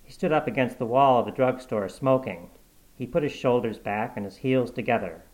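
A man narrating a short story aloud in a steady, measured storybook reading. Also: medium pitch, low-quality recording.

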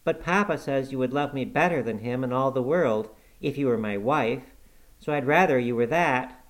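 A man's voice: medium pitch, normal speed, voice pushed up, natural voice. A man doing a whiny sickly boy. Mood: sulky. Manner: petulant, taunting, whimpering. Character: sickly spiteful whining boy.

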